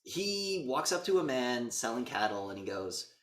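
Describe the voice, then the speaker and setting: A man co-hosting a podcast walks through a movie's plot in loose casual chat, jumping into quick impressions of the characters. His pitch swings widely as he talks. The sound is roomy, and the mic sits a little away from him. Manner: animated retelling with quick voice impressions. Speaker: podcast co-host. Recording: roomy echo, mic a bit distant.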